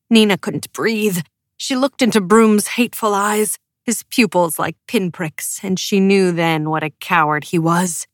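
A woman's voice: medium pitch, fairly even intonation, measured pace, no echo, clean studio sound. A woman narrating an audiobook with emotive, dramatic delivery. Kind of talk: scripted narration.

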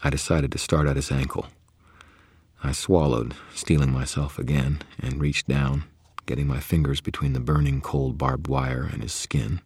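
A man narrating first-person fiction in a grave manner, often dropping into a hushed whisper. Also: very deep voice, level tone, normal speed, slightly rough, no room sound. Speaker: audiobook narrator.

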